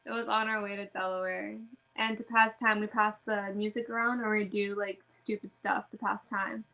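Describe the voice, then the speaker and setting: A woman's voice: medium pitch, little pitch movement, normal speed, creaky, sharp tone. A young woman, a wrestler, chatting in an interview, giggly and protesting playfully. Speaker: wrestler in a father-daughter tag team. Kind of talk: casual interview chat.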